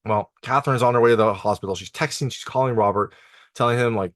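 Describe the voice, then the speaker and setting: A man's voice: mid-range voice, fast talker, fairly bright tone, no room sound, clean studio sound. A man hosting a TV review channel, casually recapping an episode with lots of filler words. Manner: conversational, lots of "like" and "you know" fillers. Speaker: TV review host.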